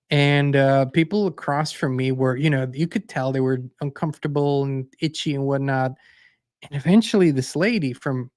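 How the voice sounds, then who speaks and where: A man hosting his own show, telling anecdotes with emphasis and acting out the other voices, then speaking bluntly and forcefully. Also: fairly high pitch, no echo, studio quality. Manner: forceful and blunt toward the end. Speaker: host and songwriter. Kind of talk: casual spiritual monologue.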